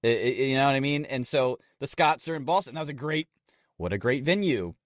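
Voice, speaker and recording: A man's voice: mid-range voice, lively intonation, a little fast, dry recording, studio quality. A man from the United States co-hosting a podcast in casual chat, earnest and laughing often as he makes his point. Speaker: podcast co-host.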